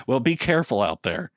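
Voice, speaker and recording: A man's voice: medium pitch, no echo, clean studio sound. A man in his thirties with a Southern US accent, hosting a casual interview and telling easygoing stories with acted-out dialogue. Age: 30s. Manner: easygoing storyteller who acts out quoted dialogue. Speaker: podcast host.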